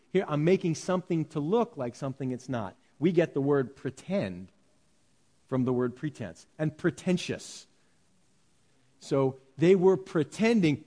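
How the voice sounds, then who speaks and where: Conversational middle-aged preacher. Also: male voice, fairly high pitch, darkish tone. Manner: conversational preaching with mock-pompous quoted prayers. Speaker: pastor. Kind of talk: sermon. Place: church hall.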